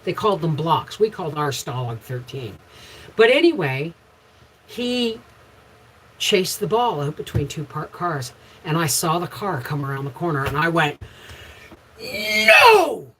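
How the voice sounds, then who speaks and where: A middle-aged woman hosting a casual livestream, chatting with viewers and telling frank, rambling stories with sudden loud bursts. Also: low voice, lively intonation, moderate pace, a little hiss or hum, rough recording. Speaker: homestead channel host.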